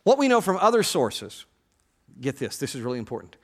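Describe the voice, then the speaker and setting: A male pastor giving a sermon, lively and joking as he addresses the congregation directly. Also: mid-range voice, brisk, long reverb tail.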